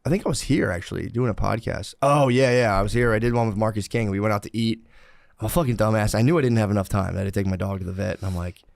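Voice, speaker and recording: A man in his thirties co-hosting a podcast, telling rambling, profane stories and now and then breaking into loud yelled impressions of himself. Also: on the low side, quick pace, creaky, no room sound, studio quality. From Philadelphia area. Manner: profane, storytelling, bursts into yelling impressions. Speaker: podcast co-host. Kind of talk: casual chat.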